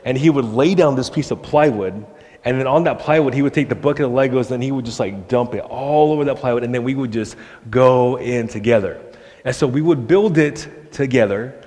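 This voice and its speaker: A young man preaching a casual, animated sermon and slipping into the voices he quotes. His pitch sits in the middle. The church hall behind him rings with a long reverb. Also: a little fast. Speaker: pastor. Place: church sanctuary.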